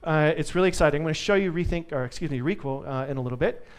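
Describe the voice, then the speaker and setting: A man's voice: on the high side, rapid-fire, clear, resonant tone. A man giving a live conference tech talk to an audience, upbeat and joking. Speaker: conference speaker.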